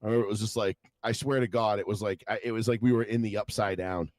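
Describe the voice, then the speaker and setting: A young man co-hosting a podcast, rambling through stories in casual chat, swearing a lot and acting out what people said in lively voices. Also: on the low side, quick pace, no room sound. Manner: rambling storytelling, heavy swearing, animated quoted voices. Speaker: podcast co-host.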